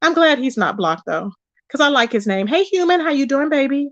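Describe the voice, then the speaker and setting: A chatty woman hosts a live stream, gossiping and answering her chat with pet names like baby and child. Her voice sits a little high, and the sound is dry and close, with no room around it. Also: a little fast, no echo, dull audio. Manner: animated and chatty, calls viewers "baby" and "child". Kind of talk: casual gossip commentary.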